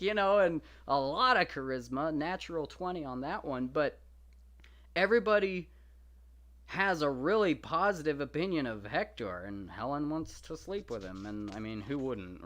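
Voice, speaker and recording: A young man hosting a show, casually and playfully retelling and commenting on an ancient epic, slipping into slangy voices for the characters. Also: fairly high pitch. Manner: animated, jokey, paraphrases characters in slangy quoted voices. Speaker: podcast host reading and discussing a classic epic.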